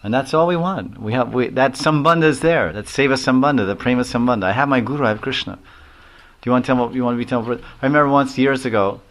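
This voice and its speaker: A man's voice: mid-range voice, fast. An older man giving a devotional lecture as a monk, rambling through personal stories and chuckling at them. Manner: rambling, anecdotal, laughs at his own stories.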